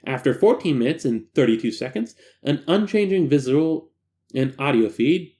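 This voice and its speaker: Animated man reading a horror file. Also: mid-range voice. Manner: animated, breaks off for jokey asides. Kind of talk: dramatic reading with asides.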